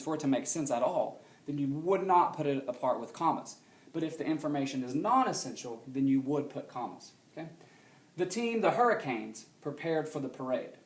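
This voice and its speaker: A fairly high-pitched male teacher delivers a recorded grammar lesson in an echoey classroom. He explains steadily and often tests understanding with a quick question.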